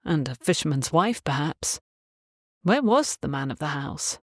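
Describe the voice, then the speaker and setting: A woman reading an audiobook as narrator in a steady, even storytelling manner. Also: sits low, unhurried, no echo, studio quality.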